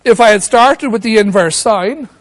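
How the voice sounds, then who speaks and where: This whiteboard maths lesson is delivered by a man whose voice is high and whose pace is moderate. He explains every step in turn, asking himself questions as he goes.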